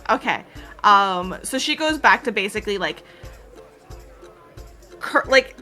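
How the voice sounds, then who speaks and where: A woman running a tabletop game, describing scenes in a loose, rambling way full of "like" and "um". Her voice is bright and forward, at an ordinary pitch, with faint background music. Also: lively intonation, a little slow. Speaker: game master.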